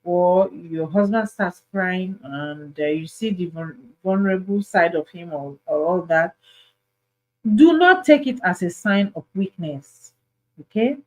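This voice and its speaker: A woman's voice: lowish voice, unhurried, rough recording. A Nigerian woman hosting an advice talk, speaking earnestly and pleading, repeating her points for emphasis. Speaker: host.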